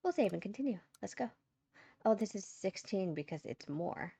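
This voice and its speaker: A woman's voice: medium pitch, animated, normal speed, vocal fry, dark tone, husky, dry recording. A woman hosting a game playthrough, casually thinking aloud as she plays. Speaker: gaming channel host.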